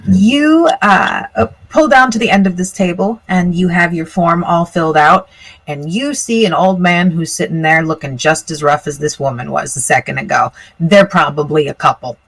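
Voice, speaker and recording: A woman running a tabletop role-playing game as game master, narrating in a relaxed way with lots of ums and uhs. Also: fairly low pitch, normal speed, low-quality recording. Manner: relaxed, hesitant with many fillers.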